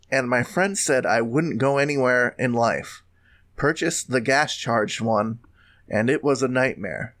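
A man's voice: medium pitch, a bit bright. A man co-hosting a podcast, chatting casually and joking, laughing often and restarting his sentences. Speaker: podcast co-host. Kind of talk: casual comedic chat.

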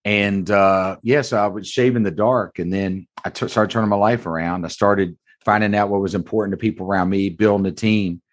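A man's voice: fairly low pitch, steady tone, brisk, few pauses. A man in his forties, a car dealership owner, telling his story to an interviewer in a blunt, earnest, folksy way. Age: 40s. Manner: earnest, blunt, folksy, calls host brother. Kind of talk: candid conversational storytelling.

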